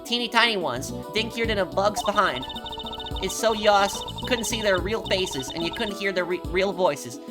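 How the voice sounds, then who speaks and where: A woman voicing a brash, folksy young woman photographer with a put-on Southern drawl, pitched above her own voice. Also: lively intonation, normal speed, over music, lightly acted. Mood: chatty. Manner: chatty, folksy, higher than her own voice. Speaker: game voice-over player.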